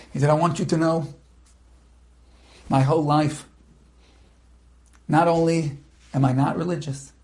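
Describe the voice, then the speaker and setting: A man telling an inspirational story with dramatic delivery, swinging between loud impassioned shouting and hushed near whispers. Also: a little high.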